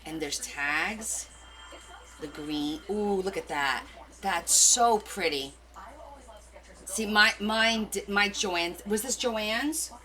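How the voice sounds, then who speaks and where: A woman hosting a casual live craft stream, gushing and excitable as she opens gifts and reads notes aloud. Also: mid-range voice, slow. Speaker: craft livestream host. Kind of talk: casual live unboxing chat.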